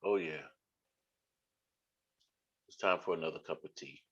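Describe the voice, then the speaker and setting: A man's voice: sits low, lively intonation, moderate pace, pauses often, sharp tone, dull audio. A man hosting a live stream, explaining his teachings in a blunt, casual way with rhetorical questions and swearing.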